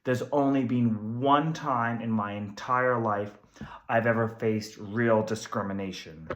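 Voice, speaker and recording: A man's voice: fairly low pitch, measured pace, fairly bright tone. A young man, a stand-up comedian, telling candid, self-deprecating stories in a comedy sketch. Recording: roomy echo.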